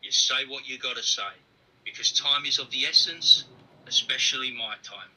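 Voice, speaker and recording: A man's voice: mid-range voice, normal speed, sharp tone, husky, far from the mic, poor audio. A man with an English accent sending a blunt, teasing video message.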